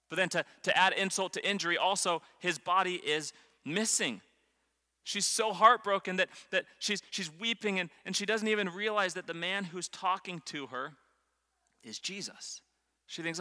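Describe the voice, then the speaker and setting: Earnest bright-voiced preacher in a hall. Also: male voice, a little high. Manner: earnest, emphatic storytelling with repeated restarts. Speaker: pastor. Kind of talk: sermon. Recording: long reverb of a large hall.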